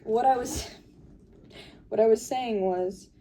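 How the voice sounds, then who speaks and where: A woman's voice: a little high, slow pace, dark tone, a little hiss or hum. A young woman talking in a casual confessional vlog, rambling with lots of fillers and sounding tired while she sorts through her makeup and purse. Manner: rambling, filler-heavy, weary. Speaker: vlogger.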